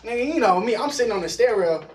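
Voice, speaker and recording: A teenage guy from the Denver area swaps casual stories on a panel, talking fast in a high voice, full of slang and frequent laughter. He sounds animated, and the roomy recording places him far from the mic.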